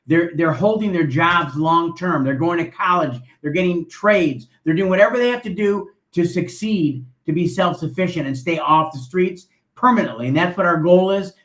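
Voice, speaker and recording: High-voiced man in an echoey room. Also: moderate pace, few pauses, fairly bright tone. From Buffalo, New York. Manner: earnest, promotional. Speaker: guest, nonprofit founder. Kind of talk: interview talk.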